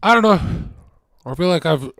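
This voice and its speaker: A man chatting casually as a co-host, candid and rambling, often trailing off quietly. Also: fairly high pitch, animated, moderate pace, no room sound, studio quality. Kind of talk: casual chat.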